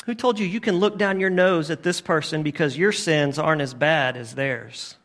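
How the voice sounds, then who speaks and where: A man preaching a sermon as a pastor. He asks emphatic, repeated rhetorical questions and swings from loud to hushed. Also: fairly high pitch, normal speed.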